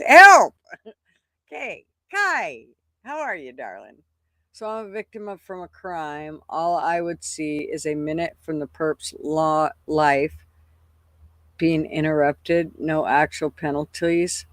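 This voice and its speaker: A woman's voice: low voice, a little slow, a bit bright, no echo, clean studio sound. An older woman hosting a casual livestream, chatting loosely, swearing freely and greeting viewers by name at her computer. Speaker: livestream host.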